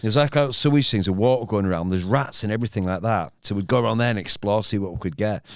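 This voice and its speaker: A middle-aged man with a Hull accent, telling animated, rambling stories in a casual podcast chat. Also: fast talker, no echo, studio quality. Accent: Hull, East Yorkshire. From Hull, England. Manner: animated, rambling storyteller with sudden pitch jumps. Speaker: podcast host.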